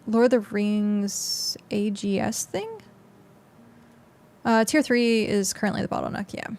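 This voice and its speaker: A woman's voice: mid-range voice, steady tone, a little slow, darkish tone. A young woman streaming a game, chatting casually and rambling with lots of fillers as she plays. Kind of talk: casual gameplay commentary.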